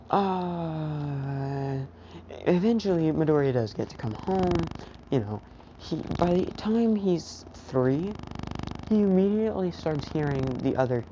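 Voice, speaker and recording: Very deep, slow rambling woman storyteller. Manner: rambling, many fillers. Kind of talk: casual fan what-if narration. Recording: dull lo-fi recording with faint hiss.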